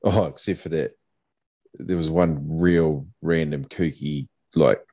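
A man, co-hosting a podcast and recalling things in a relaxed, rambling way. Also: rumbling low, slow pace. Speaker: podcast co-host. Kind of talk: casual chat.

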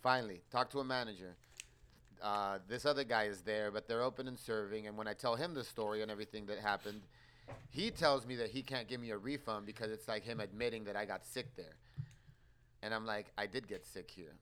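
A young man on a podcast telling a story in casual chat, animated and swearing as he acts out his quoted exchanges. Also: on the low side, brisk, smooth.

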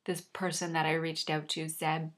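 A woman's voice: low-pitched, flat delivery, moderate pace. A woman coach sharing a personal story in an earnest, reflective way, with a slight frog in her throat. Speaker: life coach.

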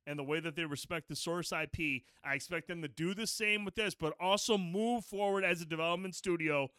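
Bright, clear-voiced man chatting excitedly. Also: a little high, fairly quick, dry recording, studio quality. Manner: excitable, swears freely. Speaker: podcast co-host. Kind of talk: casual chat.

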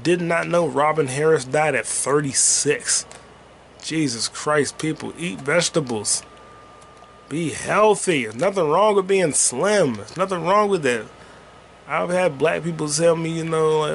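A man's voice: on the high side, lively intonation, moderate pace, creaky, a little hiss or hum. A man hosting a rambling solo podcast while gaming, talking loosely and profanely with sing-song asides. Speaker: podcast host.

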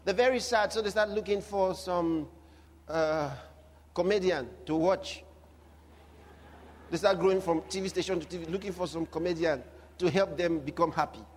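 A man's voice: high voice, normal speed, long pauses, slight background noise. A male pastor preaching a sermon with humor and emphatic repetition.

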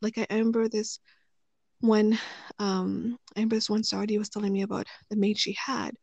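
A woman telling stories in relaxed conversation, rambling with many fillers and restarts. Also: mid-range voice, a little fast, creaky, dry recording. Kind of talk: casual conversational storytelling. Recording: dry, slightly muffled recording.

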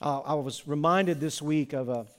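A man's voice: a little high, moderate pace, smooth. A man, a pastor, preaching a sermon in an earnest, conversational way with small fillers.

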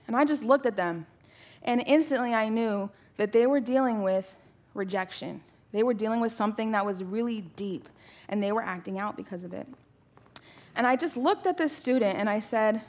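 A woman in her thirties preaching a sermon to a church, telling personal stories in a conversational, animated way with many rhetorical questions. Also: fairly high pitch, moderate pace.

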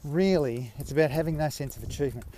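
A man's voice: on the high side, quick pace, dark tone, slight background noise. An Australian man hosting a podcast, talking in a rambling, self-mocking way while out walking his dog. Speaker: podcast host. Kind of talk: casual rambling monologue.

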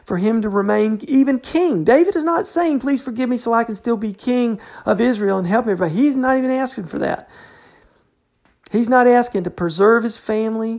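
Gravelly-voiced woman teaching scripture. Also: mid-range voice, darkish tone. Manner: conversational, fills with "you know", restarts often. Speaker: Bible teacher. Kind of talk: informal Bible study talk.

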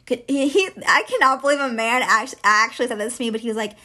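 A woman's voice: a little high, fast, bright, forceful tone. Chatty young woman telling a story. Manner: chatty, heavy use of filler "like". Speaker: podcast co-host. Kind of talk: casual storytelling chat.

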